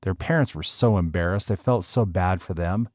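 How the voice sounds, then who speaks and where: A man narrating a first-person story aloud with a steady storytelling delivery. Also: deep voice, moderate pace, dry recording, studio quality. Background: faint music.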